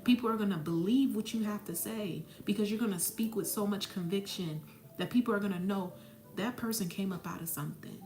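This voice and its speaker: Briskly, a mid-range, darkish female voice delivers a motivational talk that's blunt, preachy and full of swearing. She's a spiritual mentor and psychic medium, recorded in an echoey room with faint background music.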